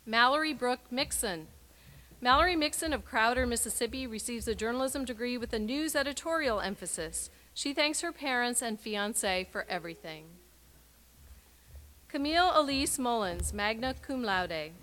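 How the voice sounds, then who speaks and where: A woman reading out graduates' names and short personal messages at a university graduation ceremony, with clear, measured announcing and emphatic sign-offs. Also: on the high side, lively intonation, fairly bright tone.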